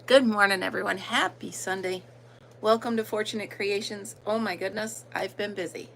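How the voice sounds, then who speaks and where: A woman's voice: medium pitch, fairly even intonation, normal speed, creaky, fairly bright tone, slight background noise, poor audio. A woman with an American country accent hosting a casual livestream, chatting and greeting viewers by name with plenty of ums. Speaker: livestream host.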